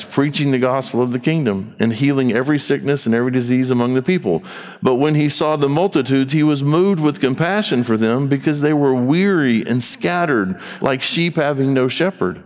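A man's voice: medium pitch, long reverb tail. A male pastor preaching a sermon, telling stories and acting out both sides of conversations. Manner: animated storytelling, acting out dialogue.

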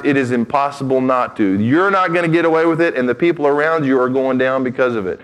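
A male pastor delivering a sermon in a direct, emphatic way. He moves between reading scripture and speaking plainly to his listeners. His voice sits a little higher than most men's. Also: low-quality recording. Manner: direct, emphatic preaching with conversational asides.

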